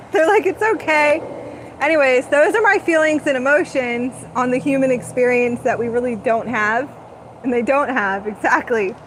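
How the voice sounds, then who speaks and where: A woman's voice: high-pitched, moderate pace, slight background noise, poor audio. A woman hosting a live spiritual channeling talk, speaking in a dreamy, rambling, gushing way.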